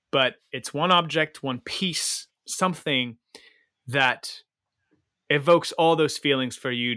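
A man hosting a casual movie podcast, talking in animated, rambling bursts full of restarts. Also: mid-range voice, dry recording, studio quality. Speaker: podcast host.

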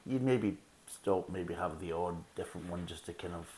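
A man's voice: deep voice, normal speed, mellow, slight background noise. A middle-aged man giving a casual, rambling beer review with chatty asides. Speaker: beer reviewer, podcast host. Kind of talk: casual tasting review and chat.

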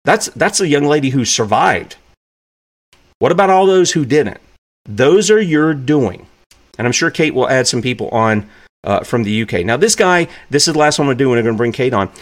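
A man's voice: medium pitch, animated, a little fast. A man hosting a live online talk show, speaking emphatically and repeating phrases for effect. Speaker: host.

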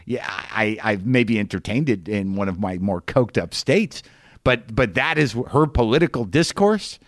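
A man with a lowish voice spins a comic monologue, stumbling over restarts and sounding disbelieving. He talks as a podcast host would to his listeners. The recording is close and dry. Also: expressive, no room sound. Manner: rambling, incredulous, quick restarts.

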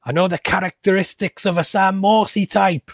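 A man putting on a high, strained voice to play a proud, defensive male football manager with a Scouse accent, speaking insistently and repeating himself. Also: fairly even intonation, moderate pace, no echo. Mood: defiant. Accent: Liverpool (Scouse). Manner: insistent, repetitive.

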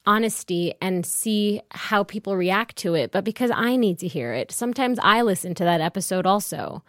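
A woman in her twenties speaks candidly and openly about her own experience, with a chatty flow full of "like." Her voice sits at a medium pitch, and the recording is close and dry. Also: dry recording. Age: 20s. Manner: open, chatty, uses filler "like". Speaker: podcast host as guest. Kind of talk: candid personal storytelling.

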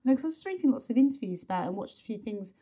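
A woman's voice: on the high side, animated, racing, warm tone, slightly rough. A woman co-hosting a podcast, chatting casually about a song, rambling with lots of fillers and restarts. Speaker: podcast co-host.

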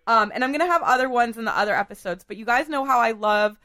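A woman hosting a podcast in a casual chat, hoarse from a cold, chatty and full of fillers. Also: fairly high pitch, fast talker, sharp tone. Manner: chatty, filler-heavy, laughs often. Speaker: podcast host.

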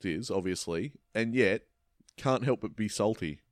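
A man's voice: lowish voice, no room sound, clean studio sound. A man, co-hosting a casual football podcast, chatty and easygoing. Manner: easygoing, chatty, quick to laugh along. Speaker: podcast co-host. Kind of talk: casual sports chat.

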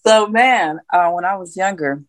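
A woman's voice: on the low side, normal speed. A woman singer as an interview guest, telling candid stories with frequent laughs. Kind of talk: casual interview.

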